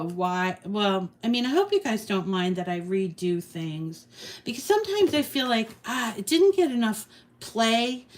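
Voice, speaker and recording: A middle-aged woman hosting a casual crafting tutorial, chatty and rambling, often laughing at herself as she works. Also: mid-range voice. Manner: chatty, rambling, self-deprecating. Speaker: craft channel host.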